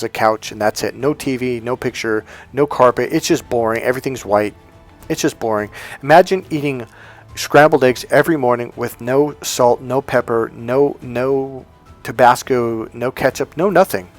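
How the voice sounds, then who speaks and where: Emphatic man coaching on dating. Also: medium pitch. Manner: emphatic, repetitive, acts out examples. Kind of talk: casual monologue to camera.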